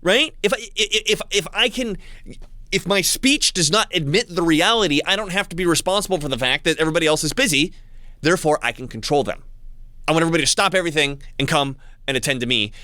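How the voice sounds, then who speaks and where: Bright-voiced man, halting monologue. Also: fairly high pitch, animated, no echo. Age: adult with young child. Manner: halting, many restarts and stammered repeats. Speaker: channel host. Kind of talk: casual monologue to camera.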